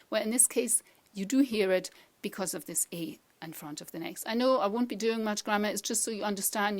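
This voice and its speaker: Woman teaching a language lesson, says each phrase slow then praises you, mid pitch. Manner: encouraging, repeats phrases slowly for the learner. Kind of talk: teaching pronunciation to camera.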